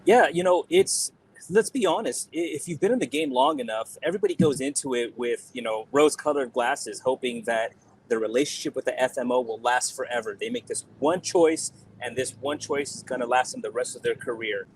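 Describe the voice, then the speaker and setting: A man's voice: mid-range voice, fairly quick, a little hiss or hum, rough recording. A man who is a guest on a podcast, explaining his views in an emphatic, persuasive way over a video call. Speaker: podcast guest, insurance software expert. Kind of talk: casual podcast interview.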